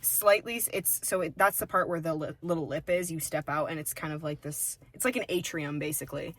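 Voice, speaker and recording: A woman's voice: deep voice, fairly even intonation, a little fast, fairly bright tone. A young woman co-hosting a podcast, telling a restaurant story in casual, profane chat. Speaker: podcast co-host.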